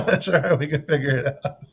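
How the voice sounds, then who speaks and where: Joking raised-pitch male stream host. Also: expressive, moderate pace, gravelly, breathy edge. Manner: joking, laughs often. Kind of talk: casual live chat.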